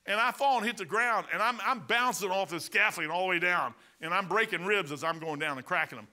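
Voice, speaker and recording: A man in his sixties with a Midwestern American accent, preaching a sermon as pastor, telling stories with swings from loud outbursts to quiet asides. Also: high voice, fast. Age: 60s.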